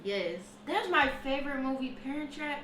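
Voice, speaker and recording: A woman's voice: sits high, expressive, moderate pace, fairly bright tone. A woman reacting to clips in casual chat, sheepish and laughing along. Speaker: video reactor. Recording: distant echoey room with noise.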